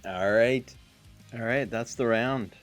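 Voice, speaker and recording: A man's voice: mid-range voice, slow, faint music behind. A man hosting a casual panel podcast, teasing and moderating his guests. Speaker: podcast host.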